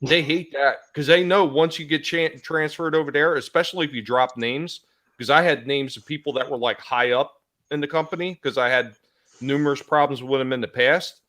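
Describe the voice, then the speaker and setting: A man's voice: fairly high pitch, normal speed, fairly bright tone. A man hosting a casual livestream chat, blunt and joking, turning emphatic when he complains.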